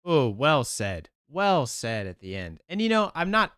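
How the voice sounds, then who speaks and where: A man's voice: mid-range voice, big pitch swings, moderate pace, hardly any pauses, a bit bright, no room sound, clean studio sound. A man, a therapist, talking earnestly to camera and reacting to a podcast clip, livelier when retelling his own thoughts. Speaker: therapist hosting a video channel. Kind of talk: casual reaction commentary.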